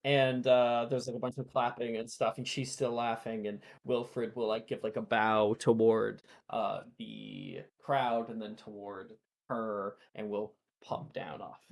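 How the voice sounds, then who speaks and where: A man narrating a tabletop game as game master, with many fillers and pauses. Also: on the low side, little pitch movement, gravelly. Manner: slow, halting, lots of fillers.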